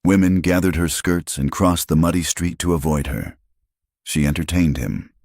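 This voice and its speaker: This scripted audiobook of a frontier story is read by a man whose voice is extremely low and deep, delivered at an even, measured pace. Recorded close and dry, it carries no room echo whatsoever.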